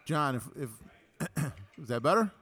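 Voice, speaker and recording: A man's voice: medium pitch, animated, a little slow, fairly bright tone. A man co-hosting a podcast in casual chat, laughing often and repeating words as he starts sentences. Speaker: podcast co-host.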